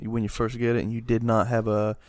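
A young man in casual chat with friends, halting and saying bro and dude. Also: fairly low pitch, monotone, darkish tone, no echo. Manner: halting, says bro and dude, laughs along.

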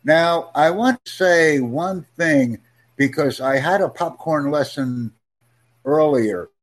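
A man teaching an English conversation lesson over a video call, upbeat and encouraging, speaking in simple, slowed-down phrases. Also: on the high side. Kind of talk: live online English lesson.

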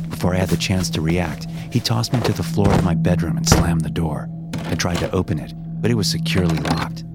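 A man narrating a first-person horror story with a measured, dramatic delivery. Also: deep voice. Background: music.

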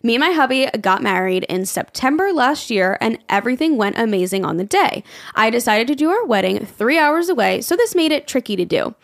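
A woman's voice: fairly high pitch, big pitch swings, a little fast, vocal fry, no room sound. A woman co-hosting a podcast, chatting casually and reading listener emails aloud, swearing freely and laughing often. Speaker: podcast co-host.

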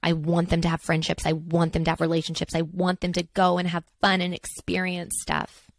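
A woman's voice: on the low side, monotone, brisk, no echo. Thirty-something woman rambling on her podcast, lots of likes and asides, close dry mic. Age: 30s. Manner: chatty, rambling, many fillers and asides. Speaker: podcast host. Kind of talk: casual solo podcast chat.

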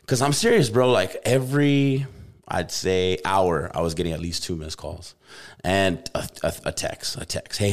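A young man from Albuquerque with a lowish voice tells a long story in casual podcast chat. His talk is loose and slangy, full of "bro" and "like.". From Albuquerque, New Mexico. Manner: laid-back, slangy, says "bro" constantly.

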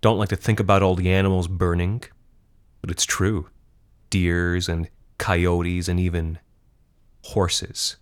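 A sneering teenage boy who enjoys upsetting his cousins, dwelling on gruesome details in a mocking drawl, put on by a man reading a story. The voice sits low and deep. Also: steady tone, brisk, close to an everyday voice. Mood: taunting.

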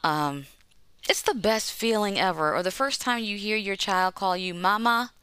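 A woman in her forties, a mother and interview guest, telling her story in a warm way with frequent laughter. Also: medium pitch, normal speed, clean tone, dry recording. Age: 40s. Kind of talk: casual interview chat.

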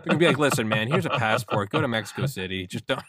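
A man's voice: mid-range voice, expressive, fast, a bit bright, breathy edge, dry recording. A man hosting a podcast in casual comedic chat, rambling and joking as he acts out imagined dialogue. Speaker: podcast host. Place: small apartment home studio.

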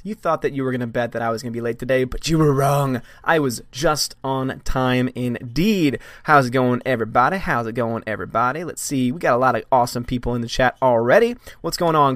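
A man hosting a live movie blog stream, greeting chat members one by one in an animated, casual way. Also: mid-range voice, fairly quick, hardly any pauses, no echo, studio quality. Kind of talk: live stream chat, reading viewer comments.

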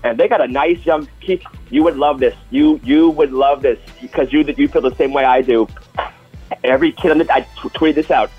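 Husky-voiced male co-host, enthusiastic storyteller, muffled audio. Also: medium pitch, a little fast, soft background music. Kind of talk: casual sports talk.

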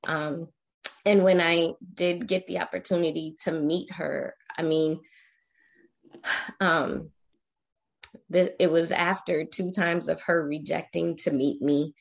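Interview guest: woman, 40s, slightly low voice, reflective, halting, earnest storytelling. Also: fairly even intonation, gravelly. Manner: reflective, emotional, halting with fillers.

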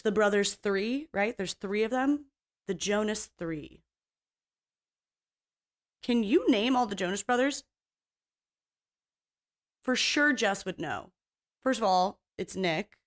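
Blunt, rambling woman podcast host. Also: medium pitch. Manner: rambling, blunt, swears freely; self-mocking and playfully opinionated. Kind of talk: casual solo podcast chat.

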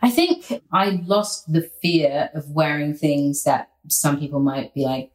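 A woman guest in a casual interview, telling stories in a playful, animated way. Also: low voice, a little slow, echoey room, poor audio.

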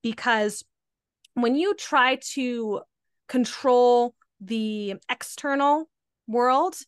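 A young adult woman hosting a casual podcast chat, with a slightly high voice. She talks loosely, leaning on "like" and "right?" as she goes. The sound is dry and close. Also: extremely slow, clean tone, no echo. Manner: chatty, filler-heavy, frequent "like" and "right?". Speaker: podcast host.

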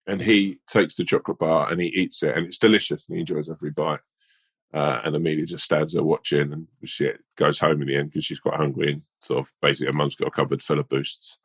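Man, very low voice, playful rambling podcast co-host, dry close mic. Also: flat delivery, brisk, fairly bright tone, no echo. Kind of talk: casual chat with a mock-earnest fable.

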